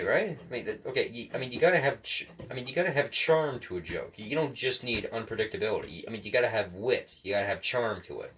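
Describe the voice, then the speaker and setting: A man delivering a rambling, profane rant to the mic, stammering and restarting often. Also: on the low side. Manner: rants, then calms into musing. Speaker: solo commentator.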